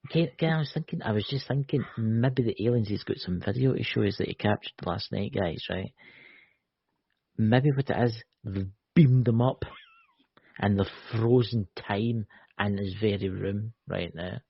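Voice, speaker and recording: Scottish male co-host, low gravelly voice, playful teasing delivery, lo-fi video-call sound. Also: moderate pace. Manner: joking, teasing, lots of "you know". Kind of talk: casual live-stream chat. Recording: dull lo-fi call audio.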